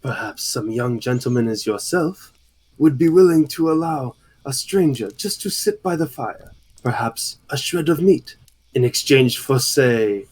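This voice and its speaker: A man doing an old cat-folk wanderer in a tabletop fantasy game, speaking with formal, elaborately polite manners. The voice sits at an ordinary pitch. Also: expressive, unhurried, a little mellow, slightly rough. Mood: courtly.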